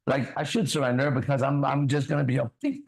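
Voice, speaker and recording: A man's voice: mid-range voice, lively intonation, quick pace, vocal fry, low-quality recording. A man hosting a ministry talk show, preaching bluntly with swearing and constant rhetorical questions.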